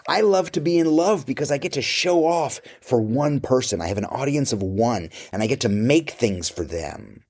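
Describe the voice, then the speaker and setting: A man's voice: mid-range voice, lively intonation, normal speed, few pauses, a little mellow. A middle-aged man answering interview questions about his life and work, candid, blunt and profane.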